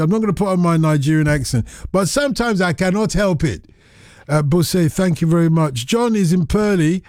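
A man's voice: sits high, expressive, a little fast, darkish tone, no echo. A man hosting a radio phone-in, chatting playfully with callers and rambling through restarts from a studio microphone. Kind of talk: casual radio chat with callers.

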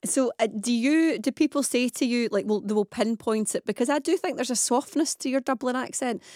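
A woman's voice: on the high side, brisk, darkish tone, no room sound, clean studio sound. A woman from Scotland hosting a radio phone-in, asking her callers friendly, curious questions. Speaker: radio host.

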